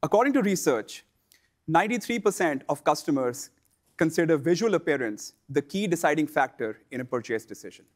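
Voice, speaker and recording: A man presenting a scripted instructional lesson for online sellers, in a measured, explanatory delivery. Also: a little high, big pitch swings.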